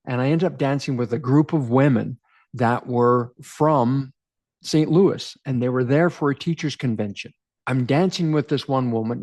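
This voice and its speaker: A Canadian man in his forties who coaches men on relationships tells a personal story to camera. His mid-range voice is emphatic and animated, and he repeats phrases.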